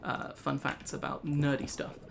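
A man's voice: medium pitch, monotone, measured pace, creaky, fairly bright tone. A young man with a British accent chats loosely while he plays, drifting between a long story and his game. He talks in a mid-range voice, over faint background hiss and the clatter of keyboard clicks. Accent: British English. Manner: rambling, chatty storytelling with frequent laughs. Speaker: gaming channel host. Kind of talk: casual let's play chat.

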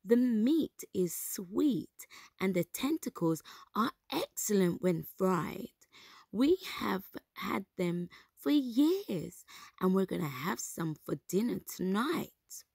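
A woman voicing a proud, cheerful young princess in a children's storybook reading, enthusiastic and lively. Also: medium pitch, slow, vocal fry, husky, no room sound, clean studio sound, full character voice.

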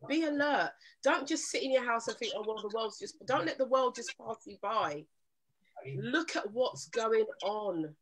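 A woman's voice: fairly high pitch, expressive, a little slow, low-quality recording. A woman hosting a live relationship talk show, chatting casually with callers, laughing often and turning earnest when she urges listeners.

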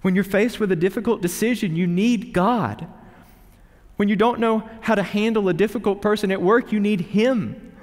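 A man's voice: sits high, normal speed. Earnest male preacher in a reverberant hall. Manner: earnest, swings between quiet reflection and emphatic pleas. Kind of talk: sermon.

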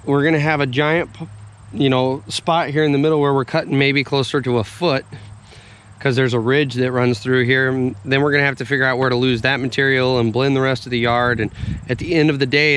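A man's voice: medium pitch, a bit bright, a little hiss or hum. A man who runs heavy equipment, talking casually as he walks a building site, grumbling and explaining his work step by step. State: chewing a little. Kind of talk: casual walk-and-talk vlog.

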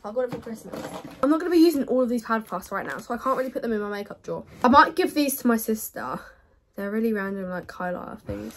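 A young woman with a fairly high voice chats away to her viewers while sorting her bedroom. She rambles and corrects herself mid-thought, in a loose, unscripted way. A faint hiss sits under her voice. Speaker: vlogger. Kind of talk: casual chat to camera.

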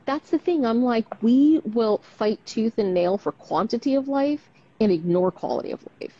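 A woman's voice: fairly high pitch, lively intonation, normal speed, dark tone. A woman doctor talking frankly and animatedly on a live stream, often ending with tag questions. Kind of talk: casual conversation on a live stream. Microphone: video call. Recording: dull lo-fi live stream audio.

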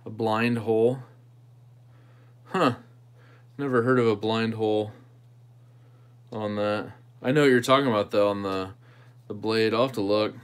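The host of a knife channel livestream chats easily with viewers, answering them casually while thinking aloud as he tinkers with a knife. His voice is fairly low, steady and clean, and he speaks unhurriedly with frequent pauses.

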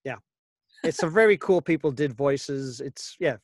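Dry, slightly high-voiced male voice actor. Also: animated, measured pace, no echo. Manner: wry, anecdotal, jokey. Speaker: voice actor guest. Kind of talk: casual interview.

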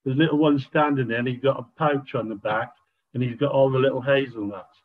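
A man's voice: medium pitch, steady tone, a little fast. Enthusiastic man on a tinny line. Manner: enthusiastic, rambling, stumbling restarts. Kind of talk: casual chat on a video call. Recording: tinny phone-line audio.

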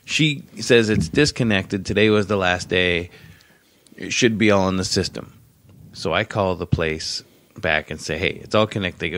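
Deep-voiced man ranting, lots of swearing. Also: moderate pace, fairly bright tone, a little hiss or hum. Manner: profane, rambling, wry. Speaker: podcast co-host. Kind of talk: casual chat, ranting story.

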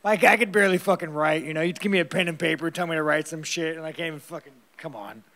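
A tired man fielding post-fight press questions in a gravelly, slightly high voice. He rambles bluntly and swears constantly, unpolished and offhand. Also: quick pace, pushed and bright.

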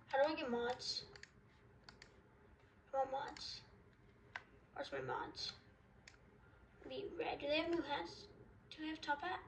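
Giggly high-voiced young gamer girl. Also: slow, creaky, pauses often, dull audio, a little hiss or hum. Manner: giggly, scattered, reacting out loud to the game. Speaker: gaming video creator. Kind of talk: casual gaming commentary.

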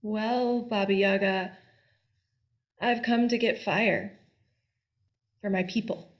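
A woman voicing a brave, polite young girl in a told folk tale, speaking quietly and plainly. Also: medium pitch, steady tone, takes it slowly, lightly acted. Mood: calm. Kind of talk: storytelling.

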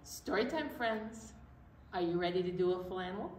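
A woman's voice: lowish voice, expressive, moderate pace, darkish tone. A woman co-hosting a children's storytime, upbeat and explaining things to kids. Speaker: children's librarian co-host. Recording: echoey room, distant mic, faint noise.

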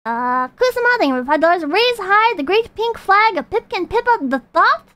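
A woman streamer ranting and reading chat in a profane, animated, casual way. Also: extremely high pitch, normal speed.

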